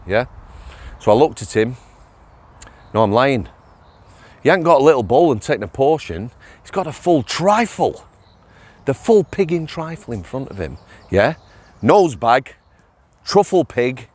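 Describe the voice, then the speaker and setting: Man, casual storyteller, lowish voice, laughs a lot, keeps asking "yeah?". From England. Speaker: former prison officer vlogger.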